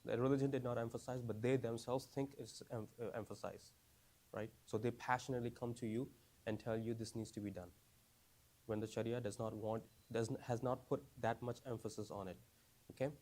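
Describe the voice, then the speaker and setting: Man in his own voice leading a relaxed class, mid pitch, keeps checking "right?" with the room. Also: a little fast. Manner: conversational, asks the class many questions; repeats phrases, frequent "right?" and "you understand?". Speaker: teacher of a class for new Muslims. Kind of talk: casual classroom teaching.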